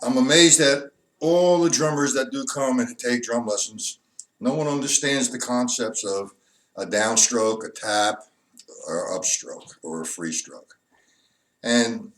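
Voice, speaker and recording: A man giving a drum lesson, walking patiently through stick positions and repeating each one. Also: mid-range voice. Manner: patient, repetitive explanations. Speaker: drum teacher. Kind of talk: instructional demonstration.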